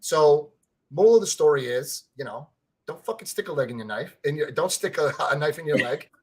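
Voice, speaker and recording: A man's voice: fairly high pitch, expressive, a little fast, husky. A man co-hosting a podcast in casual sports fan chat, rambling, stammering over his words and swearing freely. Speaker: podcast co-host.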